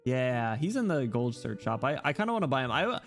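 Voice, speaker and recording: A man's voice: medium pitch, very animated, a little fast. Male stream host, casual rambling delivery, frequent restarts, light music bed behind. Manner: rambling, self-interrupting, laughs often. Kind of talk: casual livestream chat.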